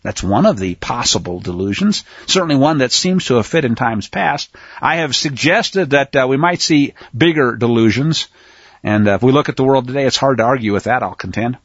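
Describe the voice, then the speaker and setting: A man giving a teaching sermon, reading scripture aloud slowly with heavy emphasis and breaking in with casual asides. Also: medium pitch, expressive, breathy edge, dry recording, dull audio. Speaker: Bible teacher.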